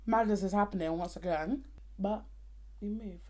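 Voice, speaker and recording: A woman's voice: mid-range voice, moderate pace, heavy background noise. A young woman chatting playfully to her viewers between bites of food during a casual mukbang. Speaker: vlogger.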